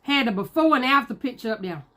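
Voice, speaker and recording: A woman's voice: on the high side, expressive, fast, a bit bright. A woman, chatting casually to her viewers while eating. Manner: chatty, talks to viewers as y'all, Southern US slang. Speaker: mukbang vlogger.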